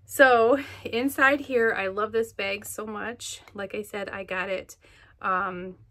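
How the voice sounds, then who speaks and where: Chatty slow-talking woman vlogger. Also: mid-range voice, little pitch movement, bright, forceful tone. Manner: chatty, gushing, many fillers. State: out of breath. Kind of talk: casual show-and-tell chat. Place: home.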